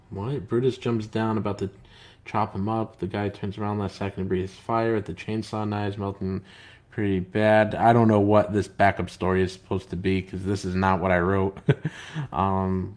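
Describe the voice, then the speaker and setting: A man's voice: lowish voice, fairly even intonation, unhurried, a little mellow. A man hosting a casual live stream, reading viewer comments aloud and talking in a rambling, hesitant way with lots of filler words and an aggrieved, complaining tone. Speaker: comic book writer and live stream host.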